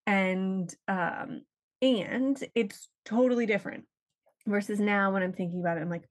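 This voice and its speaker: A woman's voice: medium pitch, moderate pace. A woman hosting a podcast in casual chat, upbeat and slangy, a little out of breath. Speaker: podcast host.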